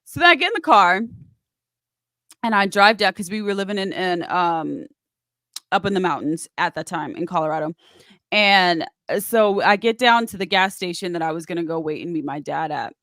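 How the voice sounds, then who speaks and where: A woman's voice: lowish voice, normal speed, no echo, studio quality. A woman guest in an interview, telling her story casually and acting out what others said. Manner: animated, acts out quoted voices.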